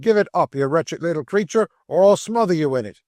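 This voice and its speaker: Male reader doing a blunt servant, bossy and loud, dry close sound. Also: a little high, expressive, moderate pace, no room sound, voice pushed up, lightly acted. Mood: gruff. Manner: gruff, threatening. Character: blunt cockney male manservant.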